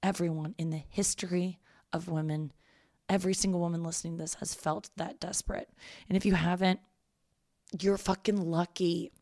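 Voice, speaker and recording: A woman's voice: lowish voice, steady tone, normal speed, darkish tone, no room sound, studio quality. A young woman hosting a casual advice podcast, frank and profane, talking a listener through heartbreak in a reassuring way. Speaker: podcast host giving advice.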